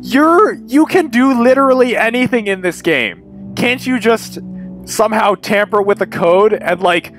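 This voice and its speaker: A young man doing excitable, sweary commentary while playing a game. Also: high voice, soft background music. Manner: excitable, sweary, quick swings between yelling and muttering. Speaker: gaming video creator. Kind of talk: let's-play commentary.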